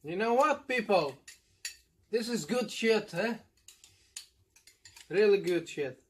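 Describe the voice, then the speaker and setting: A middle-aged Portuguese man from Madeira hosts a casual eating video, his voice sitting fairly high for a man. He flips between Portuguese and English and keeps checking in with the audience with little "eh?" and "yeah?" tags. Long "mm" sounds come through while he eats. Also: lively intonation, slow, fairly bright tone, a little hiss or hum. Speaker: mukbang host.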